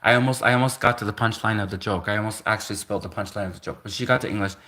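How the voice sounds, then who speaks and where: A man's voice: fairly low pitch, very fast, bright, forceful tone. A man in his thirties hosting a livestream, telling a story in a rambling, casual way, full of "like" and self-corrections, laughing between thoughts. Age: 30s. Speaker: livestream host.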